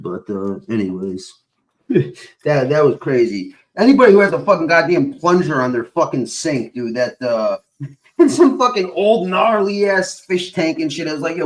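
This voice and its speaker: A man's voice: a little high, animated, normal speed. A man hosting a stream, rambling in casual chat, swearing constantly and filling gaps with uh and whatchamacallit. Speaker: stream host.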